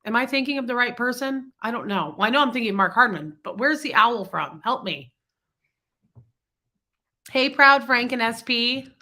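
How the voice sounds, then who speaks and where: A woman with a congested, sick-sounding voice hosts a casual livestream, chatting freely and greeting viewers one by one. Her tone stays bright and fairly high despite the cold. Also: expressive, moderate pace. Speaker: livestream host. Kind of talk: casual livestream chat reading comments.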